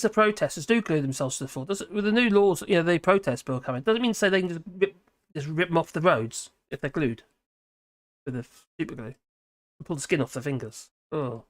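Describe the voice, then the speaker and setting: A live-stream host, chatting casually and reacting to viewer comments in a scattered, talkative way. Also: medium pitch.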